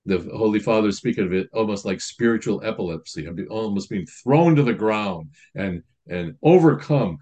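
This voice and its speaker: Priest guy giving a chatty sermon, kinda low voice, reads out old quotes and explains em. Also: animated, normal speed, hardly any pauses, a little mellow, slightly rough. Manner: conversational teaching, reading quotes aloud.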